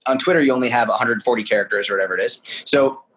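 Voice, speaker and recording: A young man, a fitness coach answering podcast questions in a candid, animated way. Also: medium pitch, very fast, husky, poor audio. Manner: candid, animated storytelling with asides. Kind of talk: casual interview answers.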